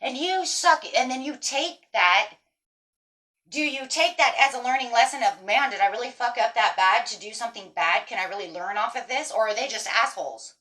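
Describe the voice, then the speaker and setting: Woman tarot reader, higher voice, animated and emphatic casual talk to the camera. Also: brisk. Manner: animated, emphatic, swears casually, talks straight to viewers. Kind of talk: casual tarot reading monologue.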